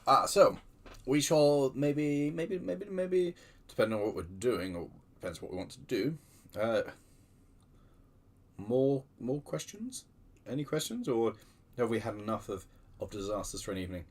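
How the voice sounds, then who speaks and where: A man's voice: lowish voice, very animated, normal speed, long pauses, husky. A man hosting a casual livestream, chatting in a rambling, self-deprecating way with many restarts, keyboard typing behind him. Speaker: livestream host.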